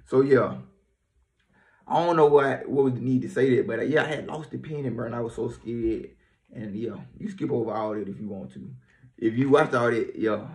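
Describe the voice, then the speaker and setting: A man's voice: mid-range voice, gravelly, darkish tone. A man giving a tarot reading, telling a loose, rambling story with slang and swearing, often repeating himself. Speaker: tarot reader. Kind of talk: casual spiritual storytelling.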